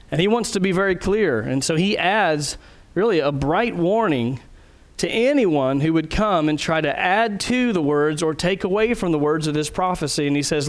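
A man preaching a sermon as a pastor, earnest and emphatic, putting direct questions to his listeners. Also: a little high.

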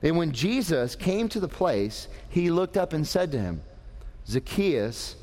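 A man preaching a lively sermon to young people, animated and asking the audience questions. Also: fairly high pitch, moderate pace. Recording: long hall reverb.

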